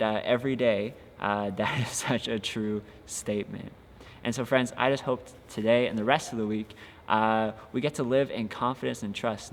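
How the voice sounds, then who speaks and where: A young man speaks as a youth pastor, earnest and encouraging, his voice at an ordinary middle pitch. His words trail off into a lingering reverb. A faint ambient hiss sits underneath. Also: gravelly. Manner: earnest, encouraging, many filler "uh"s. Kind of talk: casual devotional podcast talk.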